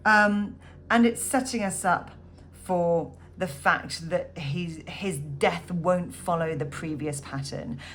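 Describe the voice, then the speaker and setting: A woman teaching a poetry lesson, counting syllables aloud in a measured way with frequent ums. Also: fairly low pitch, fairly bright tone. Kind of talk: poetry lesson, annotating a text.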